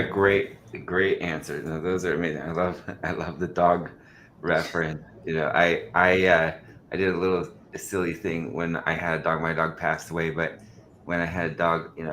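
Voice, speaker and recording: A man's voice: deep voice, fairly bright tone, a little hiss or hum. A man hosting a panel discussion, playful and chatty, slipping into silly voices when he tells a story. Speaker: panel host.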